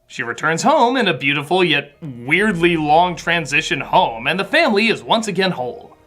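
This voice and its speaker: A woman reviewing a film as comedic narration, sarcastic, with sudden shouted outbursts. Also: low voice, sing-song, normal speed, faint music behind.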